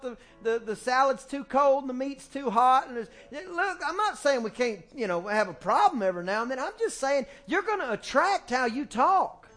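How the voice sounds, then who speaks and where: A middle-aged man preaching a folksy, animated sermon in a church, speaking into a handheld microphone. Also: very high-pitched. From small-town US. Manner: folksy and animated, acting out family quotes. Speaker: pastor. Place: church sanctuary, music faint behind.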